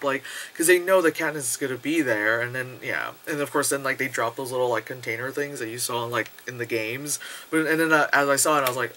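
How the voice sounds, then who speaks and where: Bright-voiced, rambling, swearing male reviewer. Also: medium pitch, fairly quick, a little hiss or hum. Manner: rambling, profane and excitable, with many fillers. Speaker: movie reviewer. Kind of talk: casual spoken movie review. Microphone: camera close to the face.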